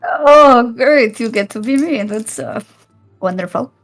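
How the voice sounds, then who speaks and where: A woman's voice: on the high side, animated, measured pace, shouting, faint music behind. A woman player laughing, swearing and bantering sarcastically in a tabletop game. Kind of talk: casual tabletop game chat.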